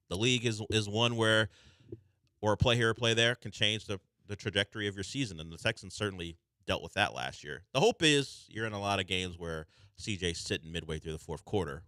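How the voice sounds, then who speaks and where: A man hosting sports talk radio, wry and animated, teasing his callers. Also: low-pitched, no room sound, clean studio sound.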